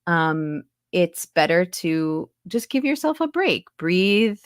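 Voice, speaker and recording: Slow and sing-song, her voice sits on the low side, captured at studio quality without any room sound in a home recording booth. The woman, who coaches accents and dialects and works as a voice actor, chats casually in an interview, explaining with plenty of asides.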